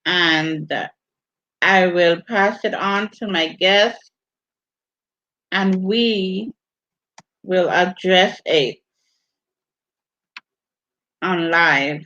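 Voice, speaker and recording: A woman with a Virgin Islands accent chats through a casual livestream and reads out viewer comments. She speaks in a slow, drawn-out way. Her audio sounds dull and lo-fi. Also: fairly low pitch, bright, forceful tone. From US Virgin Islands (St. Thomas). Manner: unhurried, drawn-out delivery while reading viewer comments. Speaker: livestream host.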